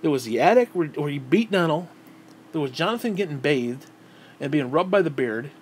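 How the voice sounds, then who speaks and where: A man's voice: fairly high pitch, lively intonation, fairly quick, a little mellow, slight background noise. Rambling, cursing man in his thirties. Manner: profane, rambling, repeats and restarts words. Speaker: vlogger. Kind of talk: casual storytelling.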